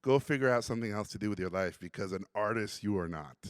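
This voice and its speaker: A man voicing a gruff, blunt older male art teacher with a Hungarian accent, speaking slowly and emphatically. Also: fairly low pitch, dry recording, clean studio sound, voice pushed down, natural voice. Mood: scornful. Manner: slow, stern, emphatic pronouncements.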